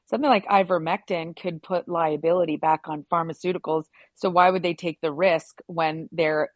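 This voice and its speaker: A woman who moderates a casual online group discussion, lively and teasing as she speaks. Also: fairly low pitch, dry recording. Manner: lively, quick to laugh, teasing.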